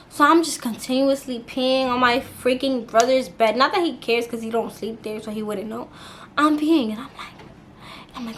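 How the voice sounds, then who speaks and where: A young YouTuber tells a storytime for her channel, casual and animated, laughing as she goes and using lots of slang and swearing. Her fairly high voice moves at a moderate pace, with a little hiss or hum in the audio.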